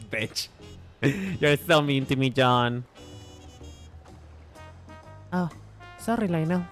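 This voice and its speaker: A man's voice: fairly high pitch, expressive, extremely slow, pauses often, fairly bright tone, faint music behind. A man chatting casually to his viewers while livestreaming a game, playful and teasing, often repeating and restarting his words. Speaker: VTuber streamer.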